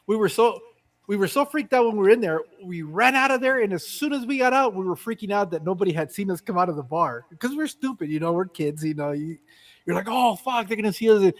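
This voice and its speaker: A man in his fifties telling a story in casual chat. He is animated, acts out the voices of the people in it, and swears casually. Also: sits high, fast. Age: 50s.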